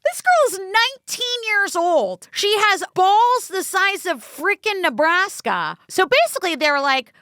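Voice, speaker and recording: High, expressive woman co-host. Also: measured pace, hardly any pauses, no echo, studio quality. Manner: emphatic and profane, mimicking police and suspects. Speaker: podcast co-host. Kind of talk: casual true-crime chat.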